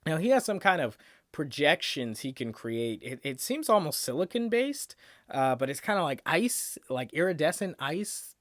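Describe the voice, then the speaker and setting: A man's voice: a little high, very animated, moderate pace, a bit bright, no echo, clean studio sound. Man casually recapping a TV episode. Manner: rambling, thinking aloud with fillers. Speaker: reaction channel host.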